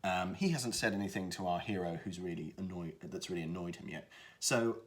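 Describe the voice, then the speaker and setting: Deep-voiced man giving a casual voice-acting tutorial. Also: fairly quick. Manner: hesitant, lots of fillers and restarts. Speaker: voice actor.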